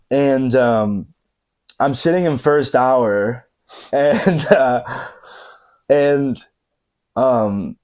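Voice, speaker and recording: Slow-talking man telling a funny story. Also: medium pitch, darkish tone. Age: 30s. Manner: laughing through a funny anecdote, many fillers. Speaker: podcast guest. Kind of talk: casual storytelling. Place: living room.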